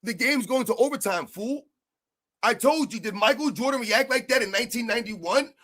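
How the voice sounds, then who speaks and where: Dude with a really high voice going off on a sports rant, pushy, says stuff twice. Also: male voice, brisk, pushed and bright. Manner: emphatic, argumentative, repeats points. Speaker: sports commentary host.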